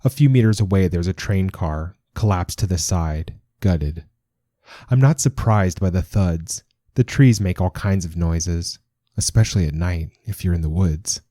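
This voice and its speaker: A man reading a short story aloud as narrator, in a calm, measured telling. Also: low-pitched, no echo, studio quality. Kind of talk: scripted narration.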